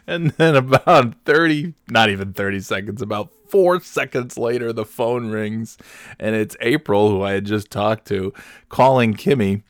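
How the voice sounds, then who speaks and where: A man's voice: fairly low pitch, moderate pace, no echo, clean studio sound. A man hosting a podcast, telling a story in a laid-back, rambling way. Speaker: podcast host. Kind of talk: casual storytelling.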